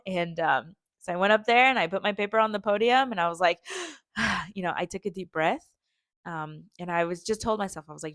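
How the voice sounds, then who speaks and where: A woman's voice: on the low side, brisk, a bit bright, no room sound, clean studio sound. Heartfelt rambling woman telling a story. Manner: heartfelt, rambling with many fillers and restarts. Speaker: podcast host. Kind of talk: personal storytelling.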